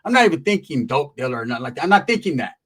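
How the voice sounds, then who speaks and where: A man's voice: fairly high pitch, sing-song, racing, a bit bright. Streetwise man. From Merced area, California. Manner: streetwise, slangy, profane. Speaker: storyteller. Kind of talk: casual storytelling.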